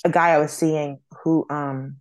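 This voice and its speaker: A woman comedian telling stories on a podcast, lively and blunt, acting out other people's voices and swearing freely. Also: deep voice, measured pace, no room sound. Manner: animated storyteller, acts out quoted voices, swears freely. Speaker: comedian guest. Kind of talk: casual podcast storytelling.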